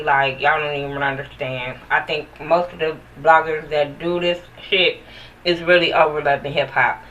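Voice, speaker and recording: A woman's voice: on the low side, bright, forceful tone, far from the mic, poor audio. A woman giving a blunt, profane, sassy recap of a reality TV episode in casual chat, talking straight to the viewers.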